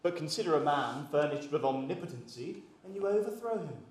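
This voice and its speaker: A witty young gallant plotting a ruse, voiced by a man in a live stage play. He declaims his verse in a slightly high voice, and the theatre hall rings with heavy echo. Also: animated, fairly quick, natural voice. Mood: scheming. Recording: very echoey stage with faint noise.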